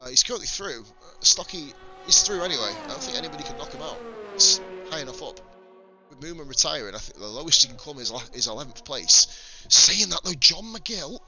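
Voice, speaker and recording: Sweary northern English race commentator. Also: male voice, fairly high pitch, sing-song, fairly quick, music in the background, poor audio. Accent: northern English mixed with Welsh. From northern England. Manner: swears freely, banters with viewers. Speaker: sim racing commentator. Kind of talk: live-stream race commentary chatting with chat.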